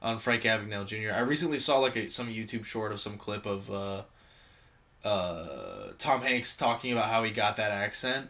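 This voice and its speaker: A man's voice: lowish voice, lively intonation, normal speed, pushed and bright. Laid-back male podcast co-host, rambling and casual. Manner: rambling, lots of ums and likes. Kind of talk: casual film review chat.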